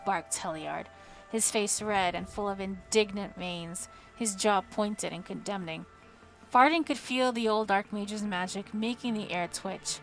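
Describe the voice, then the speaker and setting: A woman narrating a fantasy novel on a live stream in a measured, dramatic reading voice. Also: medium pitch, faint music behind. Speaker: audiobook reader on a live stream. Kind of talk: audiobook narration. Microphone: home streaming microphone.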